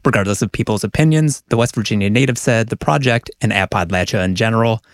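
Low-voiced male radio reporter. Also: no room sound, clean studio sound. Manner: measured reporter narration. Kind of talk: scripted news report.

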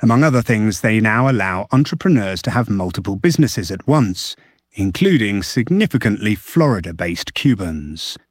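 A man reading a scripted radio news report as a correspondent, measured and steady. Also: lowish voice, no echo, studio quality.

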